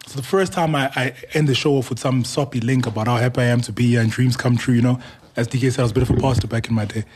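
Animated man telling radio stories. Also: mid-range voice, racing, a little hiss or hum. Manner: animated storyteller, laughs often. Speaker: radio host. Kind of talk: casual studio chat.

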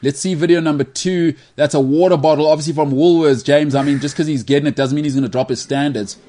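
A man's voice: fairly high pitch, fairly even intonation, fast talker, dark tone. A man hosting a podcast, teasing his co-host in casual, joking banter. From South Africa.

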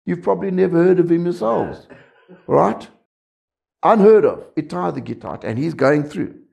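A man's voice: fairly high pitch, normal speed, vocal fry, a little mellow. A man preaching a sermon, talking conversationally and often checking in with the congregation.

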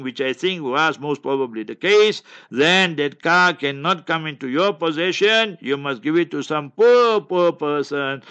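A man's voice: a little high, fairly bright tone, lo-fi sound. A South African man in his sixties, a mufti answering questions in a casual, rambling way full of asides and repeated reminders. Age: 60s. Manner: rambling and anecdotal, keeps saying "you must remember". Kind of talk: casual religious Q&A talk.

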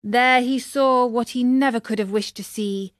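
A woman's voice: on the high side, fairly even intonation, moderate pace, no room sound, clean studio sound. A woman reading a children's storybook aloud expressively, addressing her young readers. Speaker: narrator.

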